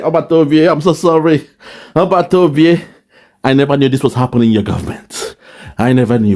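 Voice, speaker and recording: A man's voice: medium pitch, mellow. A man delivering an impassioned, preachy monologue that scolds a rival, repeating his points. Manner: preachy, repetitive, scolding, with mocking laughs. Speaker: online political commentator.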